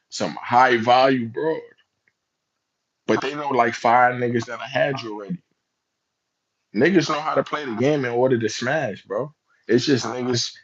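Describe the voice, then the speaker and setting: A man's voice: mid-range voice, muffled recording. A man giving slangy, emphatic reaction commentary, often asking rhetorical questions. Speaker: commentary vlogger.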